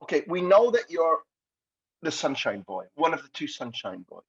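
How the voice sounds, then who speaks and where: Scottish podcast host, husky, animated and playful, slightly dull lo-fi sound. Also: male voice, a little high, normal speed. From Scotland. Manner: playful, jokey questioning. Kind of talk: podcast interview.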